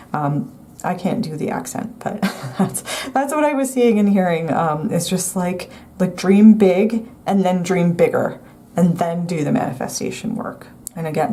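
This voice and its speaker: A woman's voice: fairly low pitch, dark tone. A woman giving a pick-a-card tarot reading to camera, talking in a meandering, hedging way with many restarts. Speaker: tarot reader.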